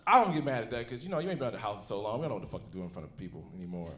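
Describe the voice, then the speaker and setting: Male stand-up in his thirties, profane and animated, live in a roomy club. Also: lowish voice. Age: 30s. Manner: profane, animated storytelling with laughs. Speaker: stand-up comedian. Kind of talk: stand-up comedy set. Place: comedy club theater stage.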